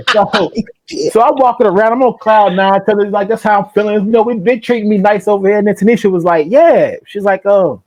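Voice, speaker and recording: A middle-aged man hosting a casual interview, telling stories in a lively, slangy way and laughing often. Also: sits high, fairly quick, low-quality recording. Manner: animated storyteller, slangy and laughing. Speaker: podcast host.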